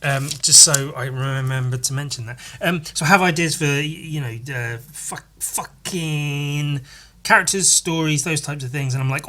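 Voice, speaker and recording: Solo podcast host, a man with a bright, slightly high voice, rambling and animated. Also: moderate pace. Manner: rambling, full of fillers and restarts, animated.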